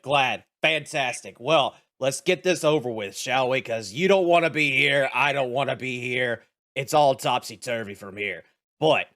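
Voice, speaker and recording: A man doing a loud, swearing paladin teacher. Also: mid-range voice. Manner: yelling, cursing, surly. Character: foul-mouthed, impatient male paladin teacher. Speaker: game master.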